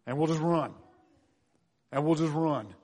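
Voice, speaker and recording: A pastor acting out a nervous, scheming younger brother who pleads and frets aloud during a sermon. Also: male voice, on the high side, measured pace, darkish tone, pitched below the performer's own voice. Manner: nervous, pleading, talking to himself. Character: anxious scheming younger brother, grown man.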